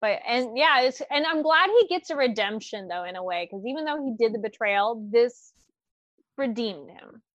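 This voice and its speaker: Casting note: woman podcast host, fairly high voice, lively recap, dry dull recording. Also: normal speed, dry recording. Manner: animated, exclamatory, quotes reactions. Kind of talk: casual recap chat.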